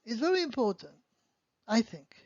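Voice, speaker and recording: A woman's voice: on the high side, big pitch swings, moderate pace, darkish tone, no echo. A woman teaching beginner French grammar, explaining patiently and answering her own questions. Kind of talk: online language lesson. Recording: dull lo-fi dry sound.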